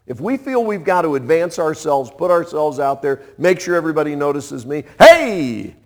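A man in his sixties, a pastor preaching a sermon in an animated way, acting out playful voices and chuckling as he goes. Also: fairly high pitch, a little fast. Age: 60s.

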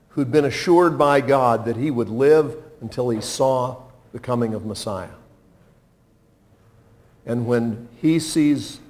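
With frequent questions for his congregation, a pastor preaches in a conversational, expressive style. He swings from soft, low-voiced lines up to loud, emphatic peaks.

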